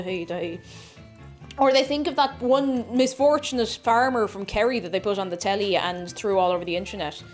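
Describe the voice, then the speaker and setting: A young Irish woman chatting casually while she bakes on a live stream, rambling and talking to herself as she measures things out. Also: medium pitch. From Ireland.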